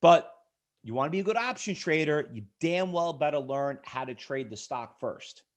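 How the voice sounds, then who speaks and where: A middle-aged man runs a live trading webinar in a slightly high voice. He pushes hard with rhetorical questions, calls on viewers by name and keeps pressing for a yes. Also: lively intonation, normal speed. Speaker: trading instructor. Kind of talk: live webinar sales pitch.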